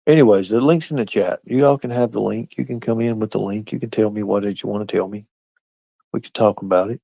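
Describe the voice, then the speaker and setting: Brief: low, gravelly-voiced man streaming, picking fights with chat, dry lo-fi sound. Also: a little mellow, no room sound. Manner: combative, confrontational, talks straight back to chat. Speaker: livestreamer answering chat. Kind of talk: casual live-stream rant. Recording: dull, lo-fi dry stream audio.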